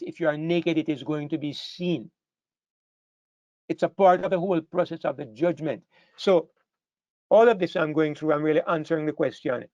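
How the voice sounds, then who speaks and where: A man's voice: fairly high pitch, darkish tone, dry recording. Earnest male preacher, dull dry sound. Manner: earnest, repeats phrases, rises to emphatic peaks. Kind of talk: sermon to a congregation. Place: church hall with a live congregation.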